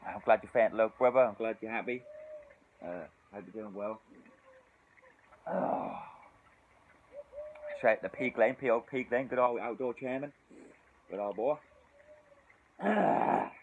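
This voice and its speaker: Drinking outside in the cold, a tipsy, shivering British vlogger rambles, curses, and sighs frequently in a casual video. He has a fairly low voice and normal speed with frequent pauses, and the audio is dull with a little hiss or hum.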